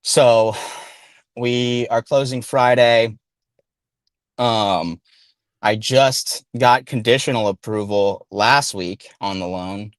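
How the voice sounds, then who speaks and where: A man's voice: mid-range voice, slow, no echo. A stressed man calling in to a podcast, talking casually in long, loose sentences full of fillers. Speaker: caller.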